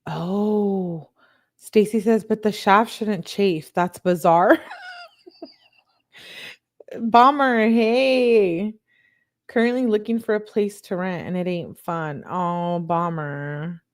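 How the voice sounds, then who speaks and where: A woman hosting a show, reading text messages aloud in a plain, steady way and breaking off for blunt, disbelieving asides to her viewers. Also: fairly low pitch, takes it slowly. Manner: reads chat comments aloud to viewers. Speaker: channel host.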